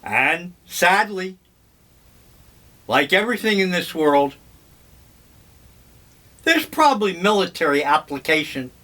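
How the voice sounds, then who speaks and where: Older guy rambling about old memories, slow talker, kinda high voice, wry. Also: big pitch swings, sharp tone. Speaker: vlogger. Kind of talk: casual reminiscing monologue.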